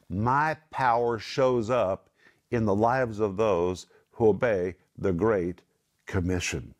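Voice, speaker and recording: Emphatic middle-aged man teaching the Bible. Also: lowish voice. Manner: emphatic, slows down to stress key words. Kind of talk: Bible teaching with scripture quotes.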